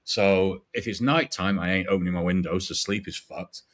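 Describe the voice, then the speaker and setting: A man's voice: low voice, moderate pace. A man in his forties from Yorkshire, with a faint Yorkshire accent, hosting a casual fan stream in a rambling, sweary way with easy laughs. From Yorkshire, England. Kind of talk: casual chat.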